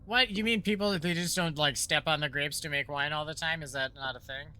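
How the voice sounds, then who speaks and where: A man casually commenting while playing a horror game, rambling and joking as he thinks out loud. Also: fairly high pitch, a little fast, smooth. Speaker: let's play streamer.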